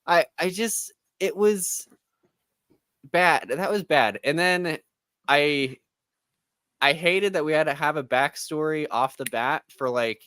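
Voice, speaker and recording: A man's voice: a little high, takes it slowly, fairly bright tone, clean tone, no echo, studio quality. A man co-hosting a casual spoiler chat, ranting in an exasperated tone and mocking what he dislikes with quoted asides. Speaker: podcast co-host.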